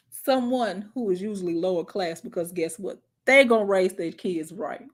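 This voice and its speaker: A woman hosting a casual talk stream, telling stories in a lively, preachy way, calling listeners child and honey and mocking others in put-on voices. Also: medium pitch, normal speed, few pauses. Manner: animated, preachy storytelling with mocking impressions. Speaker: host.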